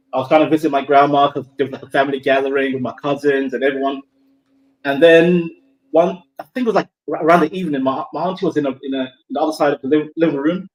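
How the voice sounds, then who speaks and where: A young man from Somalia telling a spooky story to a group of friends in a casual, animated way, full of swearing, repeats and restarts. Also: a little high, poor audio.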